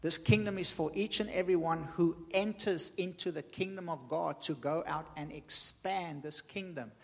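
A man with a notably high voice delivers a sermon. He hammers his points home by repeating them in an emphatic teaching cadence. His voice carries a long reverb from the church hall. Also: normal speed, vocal fry. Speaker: preacher.

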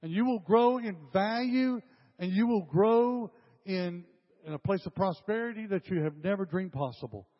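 An older male pastor preaches with emphasis, his somewhat high voice hammering phrases home again and again. The sound is dull and lo-fi, carrying a long reverb off a church hall. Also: moderate pace. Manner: emphatic, repeats phrases, addresses the congregation directly. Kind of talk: sermon.

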